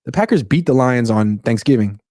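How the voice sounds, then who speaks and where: A man's voice: medium pitch, brisk, no echo, studio quality. A man co-hosting a casual sports talk show, reading viewer comments aloud and teasing. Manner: reads chat questions aloud, animated and teasing.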